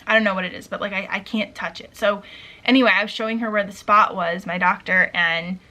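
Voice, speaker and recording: A woman's voice: mid-range voice, steady tone, fairly quick, pushed and bright. A woman in her thirties chatting casually in a vlog, out of breath and rambling with lots of "like" fillers. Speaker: vlogger. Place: at home by a window.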